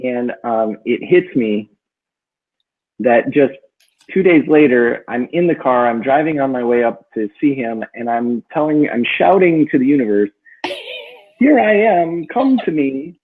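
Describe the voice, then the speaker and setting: Husky man telling a story over a tinny line. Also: medium pitch, normal speed. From northern Minnesota. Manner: rambling, many fillers, lively when quoting himself. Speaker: book club co-host. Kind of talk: casual storytelling chat. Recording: tinny phone-like audio.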